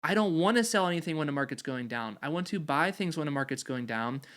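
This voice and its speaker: A man's voice: fairly high pitch, lively intonation, quick pace, fairly bright tone. A man hosting an investing channel, explaining strategy over a chart in confident, emphatic, repetitive phrasing.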